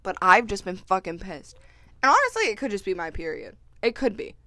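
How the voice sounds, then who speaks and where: A woman's voice: medium pitch, brisk. A woman co-hosting a casual podcast, ranting with heavy swearing. She tells stories by acting out what others said. Her voice sounds dry and close, with no room echo. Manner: profane, animated storytelling with quoted voices. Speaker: podcast co-host.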